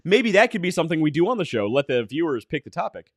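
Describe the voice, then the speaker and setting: A man co-hosting a podcast in casual banter, quick and teasing. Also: fairly high pitch, big pitch swings, dry recording, studio quality. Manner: quick, teasing, mock-formal. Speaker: podcast co-host.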